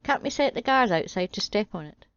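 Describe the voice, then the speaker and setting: A woman's voice: mid-range voice, lively intonation, brisk, clean tone, dry recording, highs cut off, close to an everyday voice. A woman voicing a spoiled young princess in a storybook parody, speaking in a haughty, scornful way.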